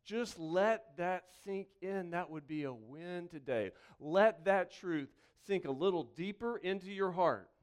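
Smooth-voiced male pastor, lively then hushed. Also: sits high. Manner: swings from lively, joking asides to slow, hushed reflection; repeats key phrases slowly for emphasis. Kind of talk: conversational sermon.

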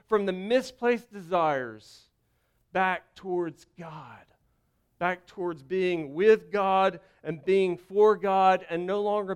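Animated, high-voiced Southern pastor. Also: male voice, clean tone. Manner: animated storytelling with self-interruptions and restarts. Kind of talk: sermon with personal stories.

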